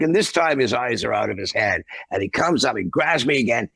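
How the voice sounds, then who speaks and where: A man telling a wild anecdote from his time as a touring musician, animated and acting out the voices in it. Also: mid-range voice, a little fast, vocal fry, slightly rough, no echo. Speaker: guest musician. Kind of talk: anecdotal storytelling.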